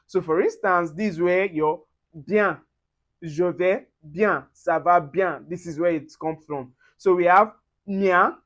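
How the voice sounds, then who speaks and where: Male French tutor, slow careful repetition in a pronunciation lesson. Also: high-pitched.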